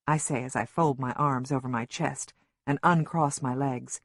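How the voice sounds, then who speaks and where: A woman narrating an audiobook in the first person as a worried mother, measured and emotionally engaged. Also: very deep voice, fairly even intonation, no echo, studio quality.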